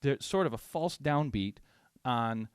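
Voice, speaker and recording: A man teaching drums, talking through a song in a relaxed way and often checking in with "right?". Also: medium pitch, measured pace, clean tone, dry recording, clean studio sound. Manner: thinks aloud with restarts, says "right?" often. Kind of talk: relaxed instructional talk. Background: loud music and drum track.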